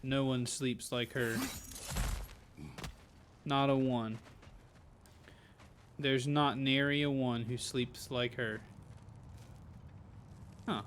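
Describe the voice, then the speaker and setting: A man's voice: medium pitch, fairly even intonation, extremely slow, long pauses, a bit bright, slight background noise. A man giving casual live-stream commentary while playing a game, playful and rambling, full of jokes. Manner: playful, joking, rambling asides.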